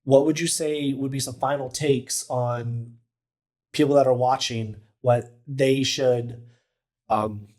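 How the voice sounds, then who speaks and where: A man who is expecting a child co-hosts a casual podcast chat about fatherhood, sounding friendly and agreeable and filling his speech with "like" and "yeah." His voice is mid-range and darkish, fairly even in intonation and slow.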